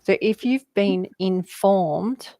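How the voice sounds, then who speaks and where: A woman's voice: medium pitch, slow pace, mellow, no room sound. A woman talking casually about spirituality, rambling and laughing often as she jumps between word associations. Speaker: guest.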